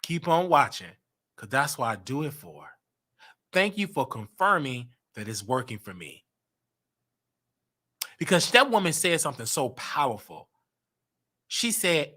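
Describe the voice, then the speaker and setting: A man hosting a livestream show in an animated, boastful rant. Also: medium pitch, measured pace, long pauses. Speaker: show host.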